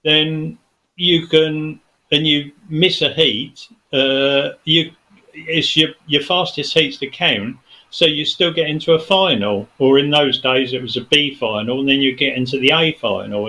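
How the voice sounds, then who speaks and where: A man's voice: a little high, a little slow, bright, forceful tone, poor audio. A man, a studio guest telling a long story in casual chat, rambling with many fillers and restarts.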